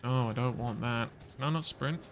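A man streaming a video game, rambling and quick to laugh and exclaim as he plays. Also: mid-range voice, background noise. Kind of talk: casual live gameplay commentary.

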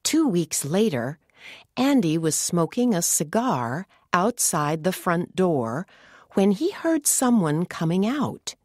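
Deep-voiced woman narrating slowly. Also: dry recording, clean studio sound. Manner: slow and clear, expressive. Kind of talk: scripted narration for English learners.

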